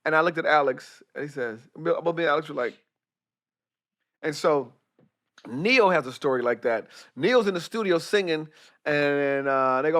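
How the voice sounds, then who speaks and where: A man with a high-pitched voice tells animated stories in a relaxed podcast conversation. He swears freely and slips into the voices of the people he describes. The sound is dry and close, with no room echo. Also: moderate pace. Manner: profane, acts out voices in his anecdotes. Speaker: guest, comedian and director. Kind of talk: animated storytelling in casual chat.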